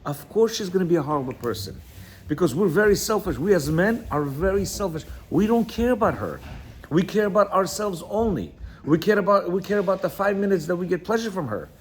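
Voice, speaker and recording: A man's voice: high voice, animated, brisk, a little hiss or hum. Man teaching on marriage, chatty and emphatic. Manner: conversational, many "you know" asides, emphatic. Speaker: religious teacher. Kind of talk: marriage lecture reading and explaining a text.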